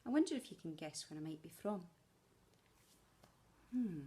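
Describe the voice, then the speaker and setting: A woman's voice: lowish voice, very animated, normal speed, dark tone. A woman from Scotland with a Scottish accent, a primary school teacher chatting playfully to her future pupils in a welcome video while out on a walk. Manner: playful, chatty, fond of puns. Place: outdoors on a walk.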